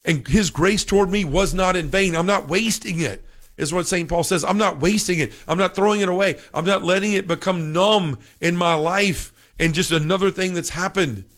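A man teaching on scripture in a fervent, excitable way, quoting passages as he goes. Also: high-pitched, moderate pace. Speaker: podcast preacher.

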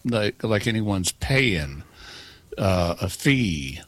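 A man's voice: fairly low pitch, big pitch swings, a bit bright, dry recording. A man, the regular expert on a call-in show, answering questions in a careful, precise way with dry humor. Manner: measured, precise, dry wit. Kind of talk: explanatory radio chat.

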